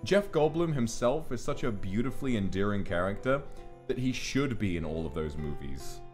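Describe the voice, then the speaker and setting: A man chatting with guests on a stream, telling stories in an animated, tangent-prone way. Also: lowish voice, moderate pace, faint music behind. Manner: animated storyteller, jumps between voices and big tangents. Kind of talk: casual chat.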